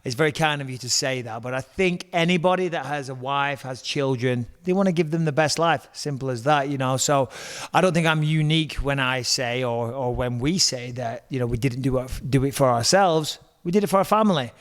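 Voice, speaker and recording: A man's voice: mid-range voice, brisk. An English man in his forties, a retired fighter telling stories in a casual interview at a kitchen table, chatty and joking. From England. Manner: chatty, joking, animated storyteller.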